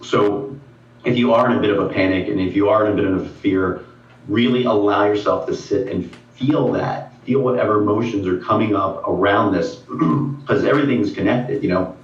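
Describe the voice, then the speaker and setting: A man's voice: lowish voice, moderate pace. Man, encouraging co-host, echoey room, dull lo-fi sound. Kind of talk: casual spiritual talk. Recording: distant, echoey, dull sound with faint music.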